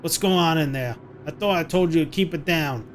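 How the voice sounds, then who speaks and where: A man's voice: a little high, a little fast, a little hiss or hum, close to an everyday voice. A man voicing an irritable male captor who answers in a curt, annoyed way.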